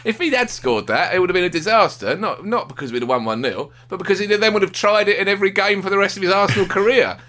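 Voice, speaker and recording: A man in casual football banter, jokey and prone to rants. His voice is high and bright, and it leaps around in pitch. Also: quick pace, hardly any pauses. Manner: animated, jokey, ranting. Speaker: football podcast co-host.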